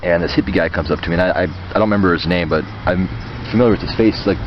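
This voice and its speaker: A man tells a laid-back, profane story in a fairly low voice. The recording is dull and lo-fi, made outdoors with loud traffic running behind him. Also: fast talker. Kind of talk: casual story telling.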